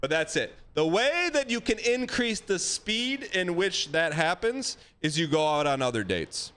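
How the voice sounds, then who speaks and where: A man's voice: high voice, unhurried, clear, resonant tone. A man hosting a live stream, giving a caller emphatic, folksy dating advice in a casual chat. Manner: animated, emphatic, folksy with dog metaphors.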